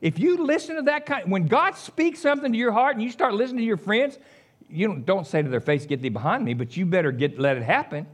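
A middle-aged man, preaching a sermon as an animated storyteller who chuckles along. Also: high-pitched, a little fast.

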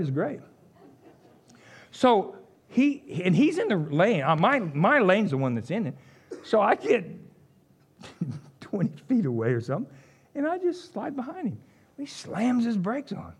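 A middle-aged man, preaching a sermon, full of animated storytelling, jokes and asides. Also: high voice, moderate pace, long pauses, breathy edge. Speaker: pastor.

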